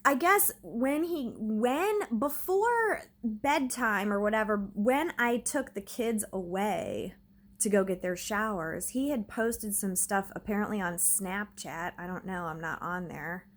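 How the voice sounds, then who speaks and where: Filming a vlog at home, a woman with a mid-range, slightly slow voice tells a story to the camera. She sounds agitated and rambles, saying "like" over and over.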